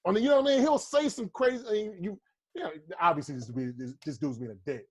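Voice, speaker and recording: A husky-voiced American man riffing loosely on a podcast, profane and rambling. His voice sits a little high for a man, and he jumps into mocking voices when he tells a bit. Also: fast talker. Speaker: podcast co-host, comedian. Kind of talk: casual podcast banter.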